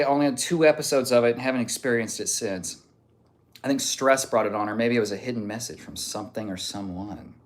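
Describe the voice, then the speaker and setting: A man streaming live, reading viewer messages aloud in a joking, off-hand way. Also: mid-range voice. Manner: joking, off-hand, reads messages out one after another.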